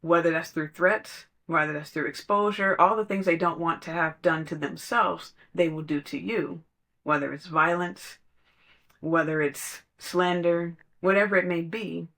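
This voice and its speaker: Podcast speaker, casual spiritual talk, conversational, laughs while telling stories, middle pitch. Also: steady tone, a little slow, sharp tone.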